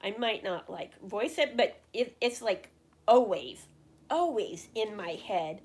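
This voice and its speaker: A woman's voice: mid-range voice, animated, slow pace, darkish tone, breathy edge. A middle-aged woman, chatting on a casual livestream and answering viewers' questions. She rambles with many fillers and restarts and talks openly about her feelings. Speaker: livestream host.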